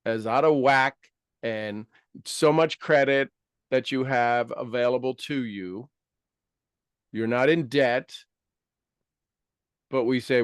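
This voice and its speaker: A man speaks as a motivational coach, lively and quick to laugh, acting out the voices he quotes. His voice sits at a middle pitch. The sound is dry and close, with no room echo. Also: clear, resonant tone. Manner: animated, acts out quoted inner voices, laughs often. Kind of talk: motivational talk.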